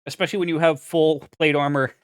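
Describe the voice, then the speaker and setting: A man's voice: a little high, steady tone, quick pace, smooth, no room sound, clean studio sound. A young man narrating as game master, rambling with fillers and restarts.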